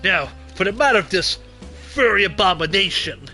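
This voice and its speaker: A man's voice: sits high, animated, moderate pace, sharp tone, soft background music, pitched above the performer's own voice, heavily acted. A man voicing a sleazy male demon disguised as a clown, with a theatrical put-on accent.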